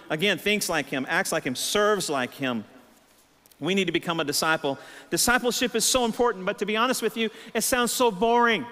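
A middle-aged man preaching a sermon as senior pastor, telling stories with lively rhetorical questions. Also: sits high. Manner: animated storytelling, rhetorical questions. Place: church sanctuary. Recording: church hall reverb.

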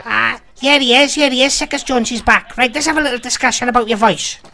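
A woman's voice: on the high side, fast talker, bright, forceful tone, a little hiss or hum. Brief: foul-mouthed Welsh woman mocking strangers in game chat. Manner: crude, mocking, rambling insults. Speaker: online game chat prankster. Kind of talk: trash-talking voice chat.

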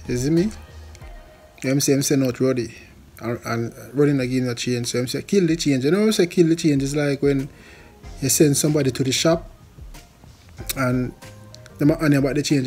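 A man's voice: mid-range voice, moderate pace, long pauses, darkish tone, faint music behind. A Jamaican man hosting his channel, commenting casually and laughing often. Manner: laughing, amused. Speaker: channel host.

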